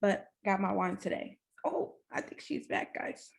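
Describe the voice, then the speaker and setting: A woman's voice: mid-range voice, a little slow, gravelly. Bubbly young woman podcast host. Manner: bubbly, says she is nervous and excited. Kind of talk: casual interview chat.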